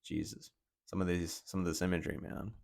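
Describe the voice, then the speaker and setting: Man, lowish voice, casual musing reaction host, talks through his thoughts. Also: level tone, fairly quick, vocal fry, a little mellow. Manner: chatty and musing, thinks aloud with fillers.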